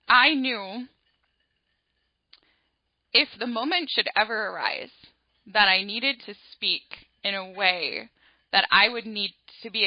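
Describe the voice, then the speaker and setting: A woman hosting an astrology podcast, telling a personal story in a chatty, animated way full of asides. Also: medium pitch, no room sound, highs cut off. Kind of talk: casual storytelling monologue.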